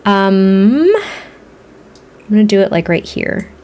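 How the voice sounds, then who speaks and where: A woman with a Boston accent talks through a home build in a life-sim game, frank and chatty as she thinks out loud. Her voice sits at an ordinary middle pitch, and the tone is a relaxed streamer's running commentary. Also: slow. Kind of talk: casual gaming commentary while building.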